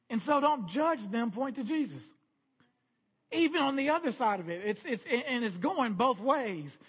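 A man's voice: extremely high pitch, a bit bright, slightly rough. A man preaching a sermon as pastor, earnest and repetitive, often restarting his phrases.

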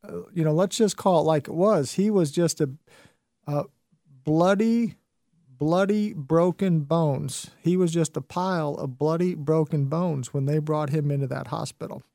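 A man's voice: on the high side, a little slow, creaky, dark tone, dry recording, studio quality. A man hosting a radio talk show, telling stories and urging listeners on in an earnest, motivational way with many fillers.

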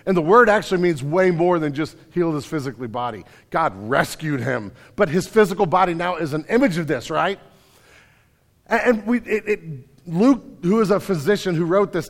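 A man preaching a sermon, telling the story vividly and pulling his listeners into it. His voice sits slightly high for a man. A long reverb follows every phrase, as in a large hall. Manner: vivid storytelling, addressing listeners directly as "you". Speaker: pastor.

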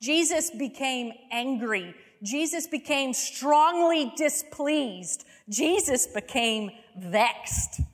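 Her pace slow and deliberate, a preacher delivers an expressive sermon in a voice slightly higher than most. She paints vivid scenes and keeps asking rhetorical questions, while a long reverb trails her words as though she's in a big hall.

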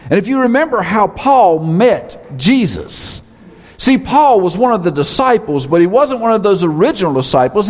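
A man preaching from the pulpit in a high, lively voice that rises and falls widely. He drives his points home with emphatic repetition, and a long reverb from the hall trails behind his words. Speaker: pastor. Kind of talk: sermon.

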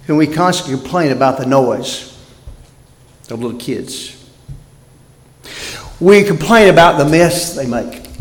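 Male pastor, sermon, high voice, lively swooping delivery, echoey church hall. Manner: animated preaching, swings from loud emphasis to near-whispered lows. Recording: roomy hall reverb.

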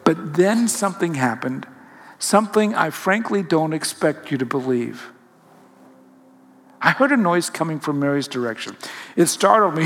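Man, reflective storytelling, musing and halting, slightly high voice, long hall reverb. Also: animated, fairly bright tone. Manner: musing, halting, with self-corrections. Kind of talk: reflective first-person storytelling.

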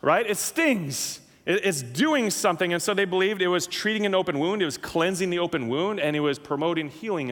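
Animated preaching man in a reverberant hall. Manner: animated, emphatic preaching with wide swings in pitch and loudness. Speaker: pastor. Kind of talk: sermon.

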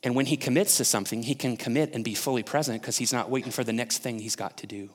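Here a male pastor talks quickly in a mid-range voice, his sermon echoing through a large hall. He keeps it conversational and regularly turns questions to the congregation.

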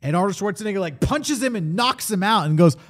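A man's voice: high voice, fast talker. A man co-hosting a casual movie discussion, telling stories with energy and acting out the quotes. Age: adult, grew up watching 1980s-90s films. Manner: animated storytelling, acts out quotes. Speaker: podcast co-host.

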